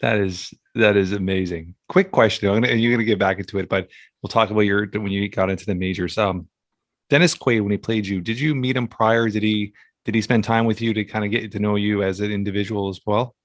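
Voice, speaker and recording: A male podcast host with a fairly low voice jumps in with eager questions for his guest. The sound is dry, with no room around it. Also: steady tone, fairly quick, no room sound. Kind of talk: interview questions.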